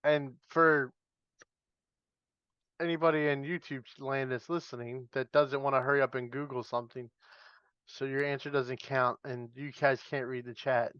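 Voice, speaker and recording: A man's voice: mid-range voice, level tone, moderate pace, a bit bright, clean tone, no room sound, muffled recording. A man hosting a podcast, leading casual wrestling chat and laughing easily. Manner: leads questions, laughs easily. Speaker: podcast host.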